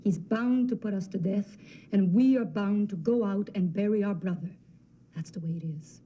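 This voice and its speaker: An actress playing a young princess in a film drama, speaking softly and intensely, often close to a whisper. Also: female voice, mid-range voice, normal speed, highs cut off, slight background noise, natural voice. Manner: soft, hushed, intense, often near a whisper. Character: defiant young princess, quietly resolved.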